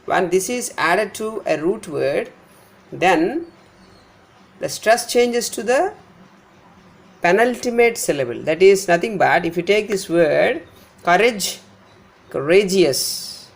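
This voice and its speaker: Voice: mid-range voice, expressive, slow pace, creaky, long pauses. A teacher with an Indian English accent giving a pronunciation lesson, who repeats each example word several times and spells out letters. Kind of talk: phonetics lesson.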